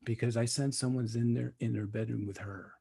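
A man's voice: mid-range voice, fairly even intonation, brisk, gravelly, warm tone, husky. A man, telling a story in a casual, profane chat, dropping into Spanish and calling everyone dude and bro.

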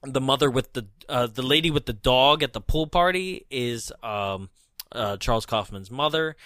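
A man's voice: mid-range voice, moderate pace, sharp tone, no echo, clean studio sound. A man hosting a podcast in a casual movie chat, rambling with lots of ums and uhs and laughing mid-sentence. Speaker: podcast host.

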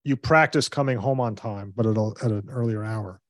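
A man talks as a guest parenting coach, earnest and advisory, speeding up in quick bursts as he explains. His voice is dry and close, with little room sound. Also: fairly low pitch, dry recording. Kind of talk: conversational interview.

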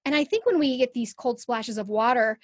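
A woman's voice: a little high, animated, brisk, husky, dry recording, studio quality. A middle-aged woman, a podcast guest, telling a personal story in a conversational interview and acting out her own thoughts.

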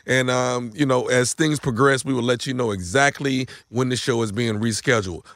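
A man's voice: mid-range voice, moderate pace, fairly bright tone, dry recording. A man placing a heated, confrontational radio prank call. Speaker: radio show prank caller.

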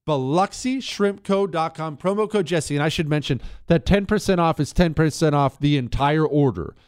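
A man's voice: a little high, normal speed, smooth, no echo, clean studio sound. A man hosting a talk radio show, mocking and opinionated, reading ads and reacting to clips. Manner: sarcastic, mocking, animated.

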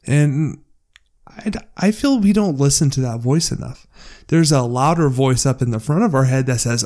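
A man's voice: medium pitch, expressive, normal speed, darkish tone. A man co-hosting a podcast who talks loosely, jokes around and swears casually. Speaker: podcast co-host.

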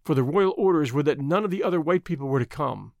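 A man narrating an adventure novel as an audiobook in an expressive, measured storytelling manner. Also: on the high side, creaky, dry recording, studio quality.

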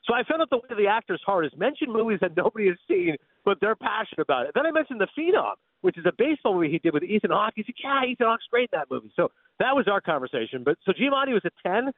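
A man from Canada rattles off excitable anecdotes at a breakneck clip in a high, lively voice. He comes through a tinny, phone-like line with a dry sound. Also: dry recording. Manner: excitable, rapid-fire anecdotes. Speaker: guest sports and film broadcaster. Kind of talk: animated radio storytelling.

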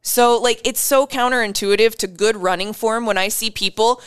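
A woman co-hosting a casual fitness chat, blunt and animated, swearing freely as she gives coaching advice. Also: on the high side, normal speed, clean tone.

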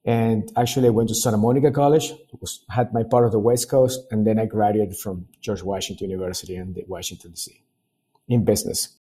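Peruvian-born guest, middle-aged man, husky and mellow voice, careful halting delivery. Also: on the low side, steady tone. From Peru. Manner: measured, hesitant, with fillers and restarts. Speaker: guest, sales director. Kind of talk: casual interview chat.

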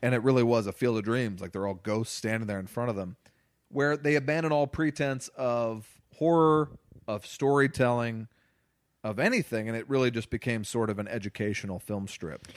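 A man co-hosting a movie podcast who rants with exasperated energy. He speaks at a middling pitch, and the recording is dry and close-miked. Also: normal speed, dry recording. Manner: animated, exasperated ranting. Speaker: podcast co-host reviewing movies. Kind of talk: casual chat.

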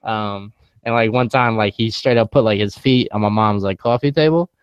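A man's voice: on the low side, moderate pace, clean tone, no room sound, muffled recording. A young man co-hosting a casual chat, laid-back and slangy, telling stories.

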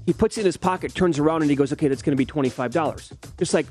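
A man from the American Midwest co-hosting a sports talk show, rattling through his lines at a fast clip. He keeps the banter chatty over a faint music bed. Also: on the high side, darkish tone. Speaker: co-host.

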